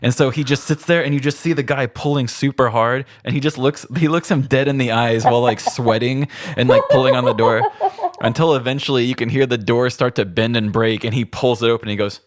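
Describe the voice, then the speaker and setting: A man's voice: mid-range voice, brisk, no room sound, studio quality. A man co-hosting a podcast, chatting casually and retelling funny stories, acting out the quotes as he goes. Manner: relaxed storyteller who acts out quotes. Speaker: podcast co-host. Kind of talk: casual chat, retelling a story.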